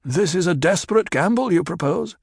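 A man puts on a proud, bearded desert scientist who answers in short, blunt words. The voice sits high and raised, recorded dry and close. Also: lively intonation, a little fast, creaky, husky, no room sound, full character voice. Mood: curt.

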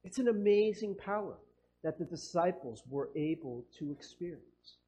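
A man's voice: on the high side, lively intonation, moderate pace, mellow. A man preaching a conversational sermon as a pastor, chatty and casual, acting out quoted voices and laughing often. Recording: dull lo-fi sound.

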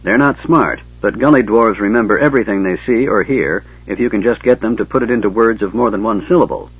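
A man's voice: lowish voice, fairly quick, slightly rough. Flint, a man doing a grudging old dwarf. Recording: dull lo-fi tape, dry.

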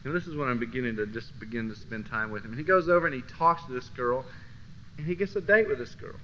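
A man teaching a Christian class through personal storytelling, swinging from low murmurs to loud bursts. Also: fast. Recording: dull lo-fi recording with faint hiss.

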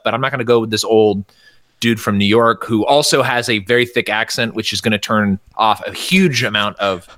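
A man's voice: on the low side, pushed and bright, no echo, studio quality. A man from the United States, a podcast guest, giving rambling, opinionated takes in casual political chat, with many restarts.

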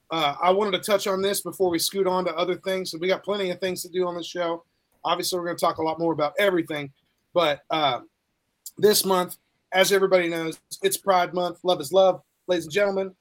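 A man with a high-pitched voice co-hosting a podcast. He chats casually and with enthusiasm, and he swears freely as he talks. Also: fairly bright tone. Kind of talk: casual chat.

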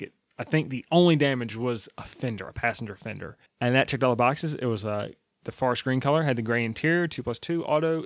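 Chatty opinionated man, slightly high voice. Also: a bit bright, no room sound, studio quality. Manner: chatty, opinionated, lots of fillers and asides. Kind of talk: casual rambling monologue.

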